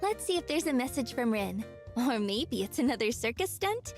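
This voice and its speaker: A woman's voice: a little high, very animated, normal speed, faint music behind. A woman voicing a cheerful young female florist shopkeeper in a video game, talking sweetly to a dog. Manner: bubbly, talks sweetly to a dog. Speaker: game character. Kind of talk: voiced video game dialogue.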